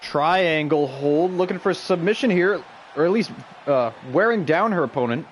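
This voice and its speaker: A man calls video game wrestling matches in a loose, casual stream commentary. His voice sits a little high, and he gets excitable, shouting out the big moves before drifting into chat with viewers. A faint hiss runs underneath. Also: moderate pace. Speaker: stream host and play-by-play commentator.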